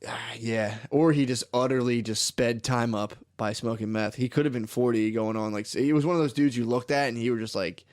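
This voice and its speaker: A man's voice: mid-range voice, brisk, few pauses, darkish tone. A young man co-hosting a casual comedy podcast, telling a rambling, profane story and laughing through it. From United States. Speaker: podcast co-host.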